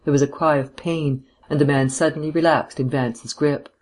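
A man's voice: on the high side, steady tone, normal speed, darkish tone. Man reading a detective novel evenly. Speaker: audiobook narrator. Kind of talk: scripted narration of a detective novel.

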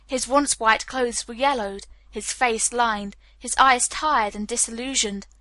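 A woman narrating an audiobook in a steady, clear storytelling manner. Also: fairly high pitch, measured pace, no echo. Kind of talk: scripted narration.

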